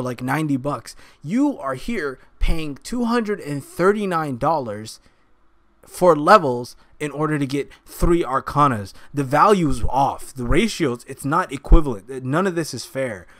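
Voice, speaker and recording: A man's voice: fairly high pitch, a bit bright, no room sound. A man giving heated commentary while streaming from his gaming computer, ranting angrily and swearing often. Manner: angry ranting, frequent swearing.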